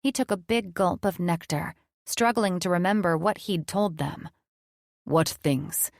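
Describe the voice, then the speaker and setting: A woman narrating a fantasy romance audiobook in an even, measured storytelling style. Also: on the low side, no room sound, clean studio sound.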